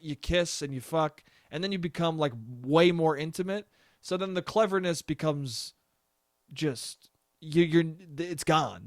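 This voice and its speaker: A young man talks through a solo podcast monologue, slightly high-voiced and loose, swearing freely and cracking himself up. The sound is dry and close, with no room in it. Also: no room sound. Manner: rambling, profane, laughs often. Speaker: podcast host.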